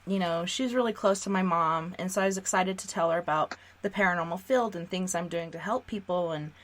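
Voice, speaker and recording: Earnest low-voiced woman radio host. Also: a little fast. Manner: earnest, talks through beliefs. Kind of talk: conversational radio interview.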